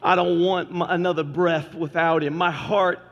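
A man preaching a sermon in a church, delivering it fervently and rising to shouts at the peaks. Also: a little high, steady tone, moderate pace, highs cut off. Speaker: pastor. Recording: long church reverb with faint music.

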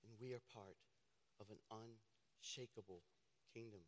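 A man preaching a fiery sermon as pastor, swinging from loud declarations to low, intense passages. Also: steady tone, normal speed, pauses often. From Tennessee family roots. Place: church sanctuary. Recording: long reverb of a church hall.

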